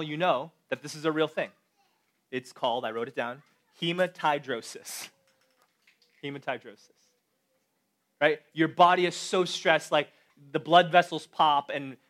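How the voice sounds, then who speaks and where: Guy preaching a sermon, kinda high voice, chatty and animated, keeps asking the crowd stuff. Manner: conversational, animated, addresses the audience directly. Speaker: pastor.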